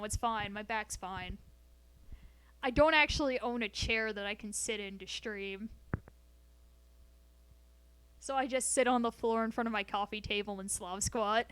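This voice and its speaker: A woman's voice: a little high, normal speed, a bit bright, clear, resonant tone. A woman streaming casually from home, rambling and swearing freely as she jokes with her chat between science explanations. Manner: profane, rambling, jokey. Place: home, sitting on the floor.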